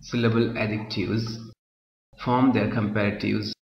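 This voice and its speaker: A fairly low, level-toned man takes his time teaching grammar, going back over his points and asking "Clear?" again and again. The audio is muffled and echoey, with his voice straying from the microphone.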